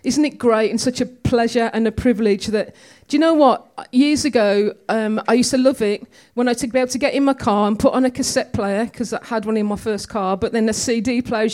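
A woman's voice: on the high side, brisk, few pauses, darkish tone. A woman giving a conversational, storytelling sermon in a church. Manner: chatty, storytelling, with humor. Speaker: preacher.

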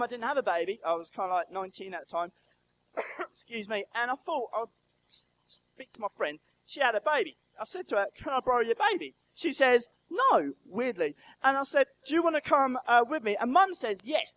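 A man from Brighton, giving a storytelling talk in church and quizzing the audience with questions. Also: sits high, a little hiss or hum, poor audio. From Brighton, England. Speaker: church speaker. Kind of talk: lively children's talk in church.

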